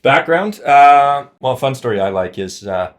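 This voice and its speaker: A man in his thirties from Saskatchewan, a podcast guest chatting casually and telling animated, self-deprecating stories about his career. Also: medium pitch, normal speed. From Saskatchewan, Canada. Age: 30s. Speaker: podcast guest, wealth advisor. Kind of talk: casual conversation.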